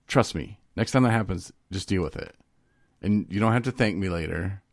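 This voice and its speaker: A man's voice: low-pitched, lively intonation, a little fast, no room sound, studio quality. A man co-hosting a casual recovery talk show, telling stories with laughs and acting out phone calls in a rambling way. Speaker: podcast co-host. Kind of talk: casual chat.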